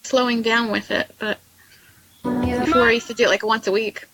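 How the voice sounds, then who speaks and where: A woman calling in to a live show, chatting casually and excitedly about talking to spirits. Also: fairly high pitch, moderate pace, soft background music, poor audio. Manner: excitable, talks to spirits through a device. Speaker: caller. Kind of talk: casual chat over a call.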